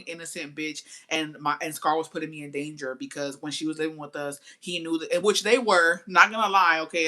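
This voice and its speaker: A young woman from Texas telling a personal story in a casual, profane, slangy way. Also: lowish voice. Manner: profane, slangy, animated retelling. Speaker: storytime vlogger.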